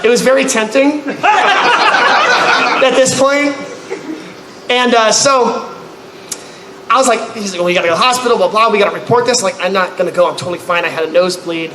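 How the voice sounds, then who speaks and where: Brief: male convention panelist, high and bright, echoey panel room, comic storytelling with animated voiced-out characters. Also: moderate pace, long pauses. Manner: animated, acts out others with loud high-pitched outbursts. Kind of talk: comedic storytelling to a live audience. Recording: echoey room, faint noise.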